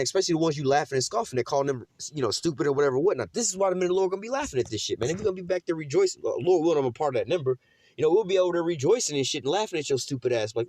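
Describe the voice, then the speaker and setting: Here the religious teacher's voice is fairly high-pitched and darkish, recorded without echo. His casual scripture teaching is preachy and derisive, peppered with cursing, slang, and repeated "man" and "you know what I'm saying."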